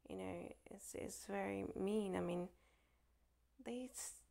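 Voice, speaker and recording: A woman telling a rambling personal story, halting and full of fillers, often dropping to a soft whisper. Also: medium pitch, gravelly.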